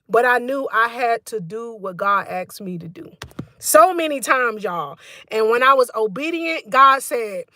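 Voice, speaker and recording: High, bright fervent woman preacher. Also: no room sound, studio quality. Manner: fervent, repetitive preaching with frequent "mm" and "y'all". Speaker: preacher on a live stream. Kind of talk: live-stream sermon.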